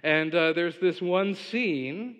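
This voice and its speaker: A man's voice: high-pitched, slow pace, a bit bright, highs cut off. A man preaching a sermon in a casual, conversational way, with asides and chuckles, as a pastor. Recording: long reverb of a large hall.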